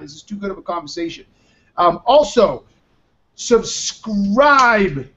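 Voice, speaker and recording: A man's voice: sits high, very animated, slow pace, pushed and bright. Tired, rambling male show host. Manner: rambling, loose and profane. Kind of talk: casual live web show chat. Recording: dull lo-fi stream audio.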